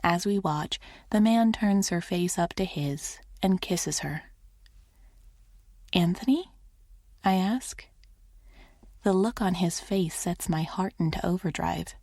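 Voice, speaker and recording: Woman reading a romance audiobook, soft and intimate, lowish voice, super dry close mic. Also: unhurried, no echo. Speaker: audiobook narrator. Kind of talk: first-person romance audiobook narration.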